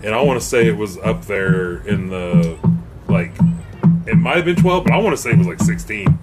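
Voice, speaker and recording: A man's voice: lowish voice, lively intonation, moderate pace, music in the background. A man in casual, profane chat, telling stories in a laid-back way.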